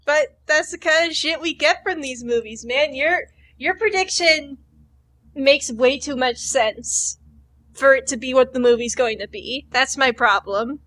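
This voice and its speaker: Woman co-host, high voice, rambling casual podcast chat. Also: unhurried, a bit bright. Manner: rambling, filler-heavy, acts out characters.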